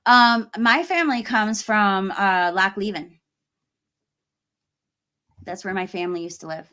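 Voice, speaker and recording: A woman talks casually into a desk microphone as she hosts a livestream. She rambles in a friendly way with plenty of fillers, greets her viewers and reads out their comments. Her voice sits at an ordinary middle pitch for a woman. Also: measured pace. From United States. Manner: chatty, warm toward viewers, with fillers and laughs. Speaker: livestream host.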